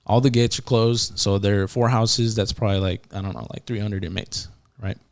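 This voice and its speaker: A man's voice: fairly low pitch, fairly quick. A man, a podcast guest and former prison yard officer, telling a story casually with lots of fillers and restarts and acting out quotes. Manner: animated, acts out quotes, many fillers and restarts.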